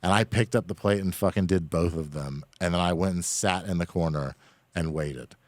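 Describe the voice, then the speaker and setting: A man's voice: low voice, moderate pace, no room sound. A man casually telling a rambling, profane story on a podcast, full of fillers. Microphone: studio microphone.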